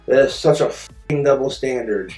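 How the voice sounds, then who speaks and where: A man's voice: medium pitch, normal speed, a little mellow, roomy sound, faint music behind. A man in an angry personal rant, bitter, profane and indignant. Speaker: streamer telling his story.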